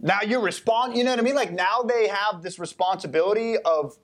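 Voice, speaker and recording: A man's voice: high-pitched, fairly quick, slight background noise. A man talking casually on a podcast, rambling with many restarts and fillers. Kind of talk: casual chat.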